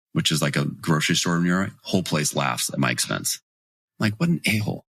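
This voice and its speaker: Husky-voiced man in his forties, low and dry. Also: fast, no room sound. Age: 40s. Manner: animated storyteller, acts out quoted voices. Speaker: guest. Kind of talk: storytelling in podcast interview.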